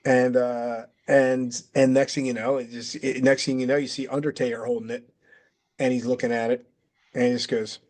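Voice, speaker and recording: A man's voice: mid-range voice, little pitch movement, moderate pace, a little mellow. Rambling man telling a story. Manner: rambling, restarts, acts out quotes. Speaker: interview guest, former wrestler. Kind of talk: casual storytelling.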